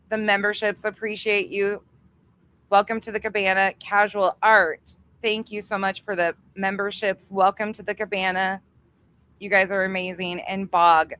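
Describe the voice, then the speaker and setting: A woman's voice: fairly low pitch, fairly bright tone. A woman hosting a livestream, chatting casually, swearing freely and laughing easily as she thanks her members. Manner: chatty, profane, quick to laugh. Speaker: livestream host.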